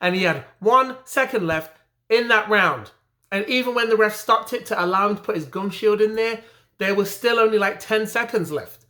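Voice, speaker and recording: His voice sits high and sounds pushed and bright at a normal speed. He's an English man who comments on boxing online, venting with emphatic frustration about a result and repeating himself as he goes.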